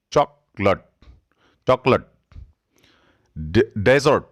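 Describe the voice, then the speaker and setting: A man with an Indian English accent teaching pronunciation, slowly repeating each word as a drill. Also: medium pitch, sing-song, a little mellow. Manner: slow, instructive, repeats words for drill. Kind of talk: pronunciation lesson.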